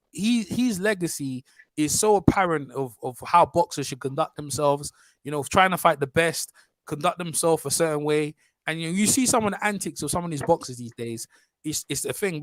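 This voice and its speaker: Brief: male host, London accent, laid-back slangy chat, raised pitch, dry. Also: dry recording. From England. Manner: relaxed and chatty, street slang. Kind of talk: casual live-stream chat.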